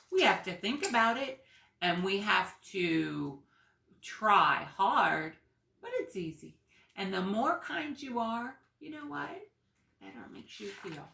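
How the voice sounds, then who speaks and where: A woman preschool teacher reading aloud to young children and leading a class activity, slow, sing-song and encouraging, dropping to soft asides. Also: mid-range voice, gravelly, reverberant.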